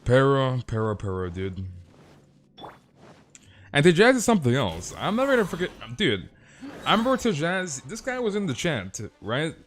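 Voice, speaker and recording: A man's voice: on the high side, normal speed, long pauses, slight background noise. Rambling young male game streamer. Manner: rambling, animated storytelling, slangy. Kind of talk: casual live-stream chat.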